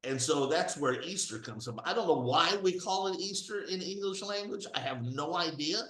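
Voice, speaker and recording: A man's voice: a little high, animated, normal speed, a bit bright, echoey room. A man talking casually to his viewers in a rambling, emphatic way, full of fillers and restarts. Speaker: video blogger. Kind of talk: casual monologue to camera.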